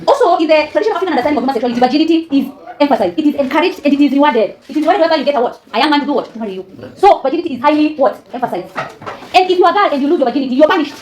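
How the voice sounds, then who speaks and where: A woman's voice: high-pitched, lively intonation, racing, darkish tone. A woman teaching a classroom lesson, often quizzing students with fill-in questions and laughing. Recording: echoey classroom with student chatter.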